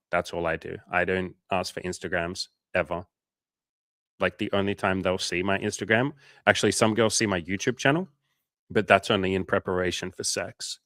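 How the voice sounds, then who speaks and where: On a casual livestream, a dating coach with a low voice reads comments from viewers and fires back frank, swear-heavy advice in a blunt manner. There's vocal fry in his slightly bright voice, and the sound is close and dry with no echo from the room.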